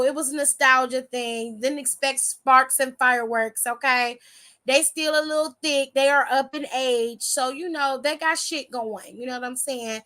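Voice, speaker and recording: A woman's voice: high-pitched, pushed and bright. A woman hosting a casual wrestling recap, talking in a sassy, profane, slangy way.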